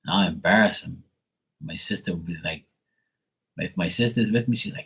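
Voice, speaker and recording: A man's voice: deep voice, fairly even intonation, moderate pace, pauses often, a bit bright, slightly rough, low-quality recording. A man chatting casually on a live stream, rambling and swearing with lots of fillers. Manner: rambling, profane, with many fillers. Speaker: live stream tarot reader. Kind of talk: casual livestream chat.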